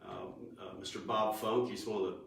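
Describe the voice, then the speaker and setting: A man's voice: fairly low pitch, little pitch movement, fairly quick, vocal fry, slight background noise. A man who is a country singer, telling stories in a folksy, stop-and-start way during a casual interview. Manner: folksy storyteller with many restarts. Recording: echoey room, far from the mic.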